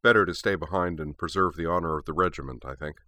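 A man's voice: deep voice, fast, bright, forceful tone, no room sound. A man reading a dry, laid-back young man.

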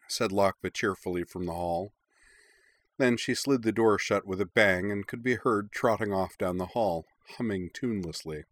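A man narrating a story in a measured, expressive reading. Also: fairly low pitch, no echo. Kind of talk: audiobook narration of fan fiction.

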